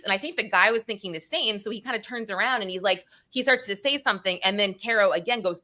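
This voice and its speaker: A middle-aged woman co-hosting a true-crime chat show, telling stories with lively acted-out quotes. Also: mid-range voice, fast, hardly any pauses. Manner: animated storytelling, acts out quotes. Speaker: podcast co-host.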